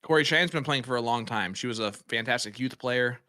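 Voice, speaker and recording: A man's voice: medium pitch, brisk, sharp tone. A man commentating live darts, calling throws and joking with his co-commentator. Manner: joking, banters with co-host.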